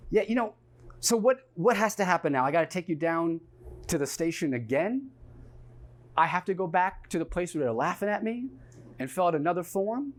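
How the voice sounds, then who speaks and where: A man performing a threatening male street cop in a one-man comedy show, with loud, sneering questions. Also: high-pitched, expressive, normal speed.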